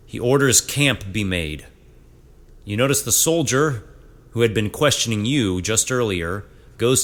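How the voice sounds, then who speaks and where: A man narrating a tabletop adventure as game master in a measured storytelling manner. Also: fairly low pitch, a bit bright.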